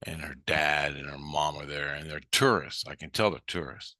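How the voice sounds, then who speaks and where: A man's voice: extremely low pitch, fairly even intonation, normal speed, pushed and bright, no room sound, studio quality. A man telling a story in a blunt, heated way, swearing constantly. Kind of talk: casual storytelling.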